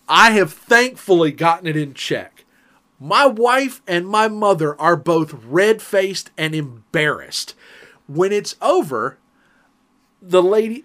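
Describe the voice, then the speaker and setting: A man's voice: high voice, a bit bright. A man on a casual podcast telling a family story, acting out the quotes and laughing often.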